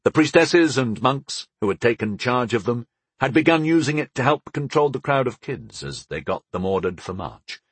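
A man narrating a fantasy audiobook in the first person, expressive and storytelling. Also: mid-range voice, normal speed, breathy edge, no room sound.

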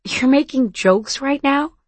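A woman's voice: medium pitch, normal speed, no echo, close to an everyday voice. A woman voicing a nervous, earnest teenage boy who stammers and restarts, in an audiobook. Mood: teasing. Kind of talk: audiobook dialogue.

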